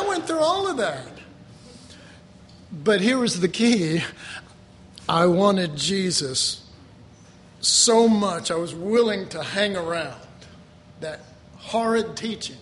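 A high-pitched man preaching to a congregation. He talks in an animated way, jumps into exaggerated quoted voices, and chuckles often between lines. A faint room hum sits behind him. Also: slow, pauses often. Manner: chuckles often while talking. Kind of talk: sermon.

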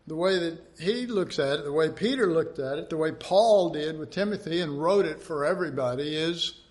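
An older man preaching a conversational sermon, folksy, stretching out his emphatic phrases and acting out what people say. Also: high-pitched. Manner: folksy, acts out quotes, drawn-out emphatic phrases.

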